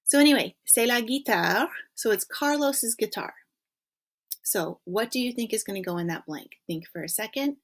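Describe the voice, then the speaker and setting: A woman's voice: fairly high pitch, expressive, normal speed. A woman teaching a recorded French lesson in English, patiently prompting students to think and checking in with frequent okays.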